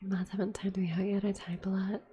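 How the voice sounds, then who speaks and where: A woman's voice: medium pitch, flat delivery, fast talker, warm tone, muffled recording, slight background noise. A sick woman streamer in a whispered ASMR chat, rambling casually and swearing a lot between whispers.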